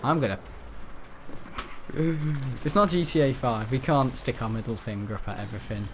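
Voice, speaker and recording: A man's voice: medium pitch, normal speed, a little hiss or hum. A man giving rambling, jokey commentary over a video game, often breaking into giggles. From north-west England. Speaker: gaming channel host. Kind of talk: casual gameplay commentary.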